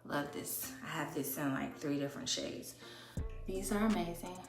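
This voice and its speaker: A woman's voice: sits low, moderate pace. A woman in her thirties with a lilt, chatting casually to viewers as she does her makeup. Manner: chatty, talks while doing makeup. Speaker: beauty vlogger. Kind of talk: casual get-ready-with-me chat. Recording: roomy echo with music behind.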